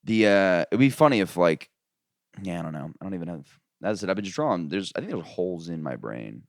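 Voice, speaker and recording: A man's voice: low-pitched, very animated, brisk, no room sound, studio quality. A man from Florida hosting a casual comedy podcast, rambling and crude, often trailing off mid-thought. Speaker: podcast host.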